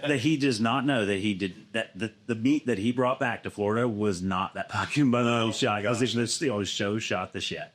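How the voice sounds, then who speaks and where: A man's voice: lowish voice, moderate pace, hardly any pauses. A man casually telling a long hunting story, swearing often and acting out what others said. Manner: animated, swears a lot, acts out other people's lines.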